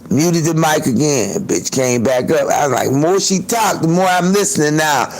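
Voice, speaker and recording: Male livestream host, raised pitch, loose and profane, chats to viewers on a phone. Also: expressive, moderate pace, slight background noise, rough recording. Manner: loose, profane, chatty, laughs often. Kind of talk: casual livestream storytelling.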